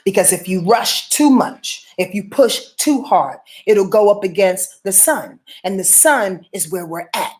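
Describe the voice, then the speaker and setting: A woman's voice: medium pitch, animated, a little slow, hardly any pauses, a little mellow. A woman hosting a live astrology stream, talking to viewers in a preachy, slangy, emphatic way and swearing freely. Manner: repeats and restarts words, many filler sounds. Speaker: astrology show host.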